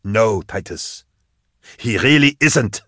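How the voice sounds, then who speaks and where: A man voicing an exasperated male inquisitor in an audiobook, pleading with a deluded old colleague, lifting his voice above his usual low register. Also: animated, slow pace, pushed and bright, dry recording, clean studio sound, exaggerated voice. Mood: weary pleading. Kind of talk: audiobook character voice.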